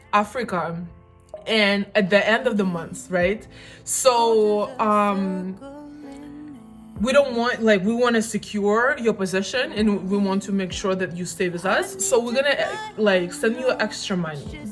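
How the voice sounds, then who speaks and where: Rambling young woman vlogger over music. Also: mid-range voice. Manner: chatty, rambling, self-mocking. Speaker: beauty vlogger. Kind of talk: casual storytelling while doing makeup.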